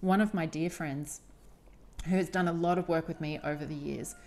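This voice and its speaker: A woman's voice: low-pitched, steady tone, normal speed, darkish tone. A woman hosting a solo podcast, speaking candidly and emphatically, often swearing. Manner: candid, confessional. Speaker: podcast host.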